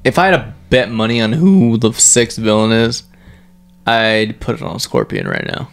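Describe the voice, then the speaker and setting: A man co-hosting a podcast in relaxed casual chat, agreeable and playful. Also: on the low side, moderate pace, gravelly. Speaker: podcast co-host.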